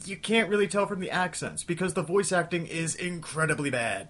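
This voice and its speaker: A young man hosting a comedic game review, ranting in an exasperated, scattershot way and talking himself back to calm. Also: on the high side, a little fast. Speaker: host of a retro game review show.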